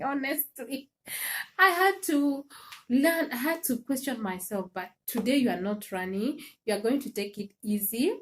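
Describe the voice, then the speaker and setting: Chatty woman, slightly high voice. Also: unhurried. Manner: animated, laughs often, talks to viewers directly. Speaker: livestream host. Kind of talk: casual chatty monologue.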